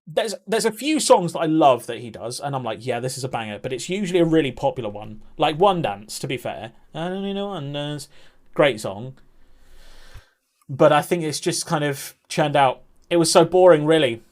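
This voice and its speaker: A man's voice: fairly high pitch, expressive, moderate pace, darkish tone. A young man chatting casually on a live stream, reacting to viewers and laughing often. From England.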